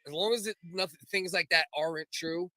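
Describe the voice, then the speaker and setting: A male podcast host with a bright, fairly high voice talks in a casual, conversational way. He breaks in to steer the guest back to the story, setting the scene for him. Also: a little fast. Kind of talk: casual chat.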